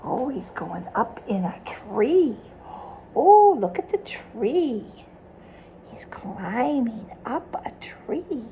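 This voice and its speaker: A woman's voice: a little high, very slow, slight background noise. A woman reading a picture book aloud to a child, stopping often to ask questions about the pictures. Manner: animated, asks the child questions.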